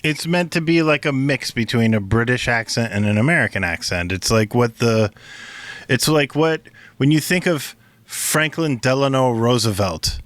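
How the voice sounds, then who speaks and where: A man's voice: medium pitch, animated, moderate pace, fairly bright tone, dry recording. A man co-hosting a casual podcast, quizzing his partner and explaining things playfully. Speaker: podcast co-host. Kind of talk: casual chat.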